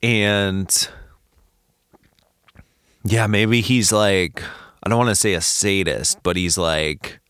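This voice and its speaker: A laid-back man chats on a podcast, agreeable and easygoing. His voice sits a little low. The recording is dry and close. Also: slow, long pauses, smooth, no room sound. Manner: relaxed, agreeable, acts out scenes in quotes. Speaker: podcast co-host. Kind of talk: casual podcast chat.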